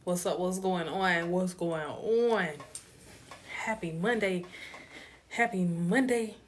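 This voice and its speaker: A woman's voice: fairly low pitch, fairly even intonation, slow, slight background noise. A woman hosting a casual live stream, greeting viewers one by one and sharing motivational thoughts in a tired, laid-back way. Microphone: phone.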